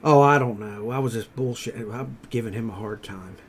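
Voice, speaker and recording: Chatting casually at an ordinary pace, this middle-aged man has a mid-range voice. His stories wander, his swearing is unrestrained, and his volume rises whenever he gets excited.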